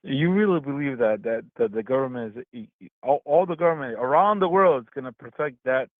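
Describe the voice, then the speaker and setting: A man's voice: medium pitch, animated, brisk, no room sound. Stammering man in his forties over a tinny line. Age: 40s. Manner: stammering, repeats words, laughs often. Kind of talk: casual heated debate. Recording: tinny phone-like call audio.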